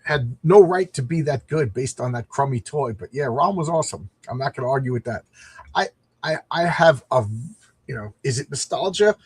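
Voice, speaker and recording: Husky man rambling about comics. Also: medium pitch, expressive, normal speed, no room sound. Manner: rambling, chatty, reads panels aloud in voices. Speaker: comic book reviewer. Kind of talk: casual comic commentary.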